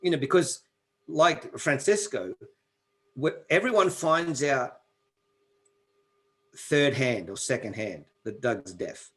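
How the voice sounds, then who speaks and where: A man's voice: medium pitch, animated, slow, long pauses, a bit bright. Chatty man making his case. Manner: persuasive, thinking aloud with many "you know"s. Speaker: podcast co-host. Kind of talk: casual chat. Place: Colorado.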